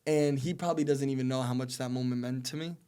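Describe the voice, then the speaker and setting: Man, twenties, podcast guest, earnest, rambling, narrow pitch range. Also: steady tone, fast, dark tone, clear, resonant tone. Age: 20s. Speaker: podcast guest, soccer player. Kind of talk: casual interview storytelling.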